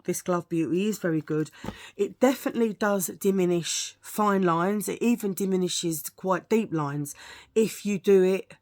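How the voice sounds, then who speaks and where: A woman's voice: on the low side, a little slow, a little mellow. Rambling, chatty middle-aged woman. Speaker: beauty vlogger. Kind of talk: casual product review chat.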